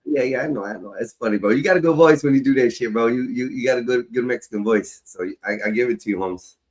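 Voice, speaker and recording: A man's voice: medium pitch, quick pace. Laid-back man hosting a live stream. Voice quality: loose, laid-back talk with street slang. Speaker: stream host. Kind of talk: casual live-stream chat.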